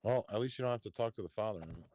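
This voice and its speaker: A man's voice: fairly low pitch, rapid-fire, a little mellow, slight background noise. A man chatting casually with friends while gaming, rambling and swearing, filling his talk with "like". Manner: rambling, profane, says "like" a lot. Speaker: game player.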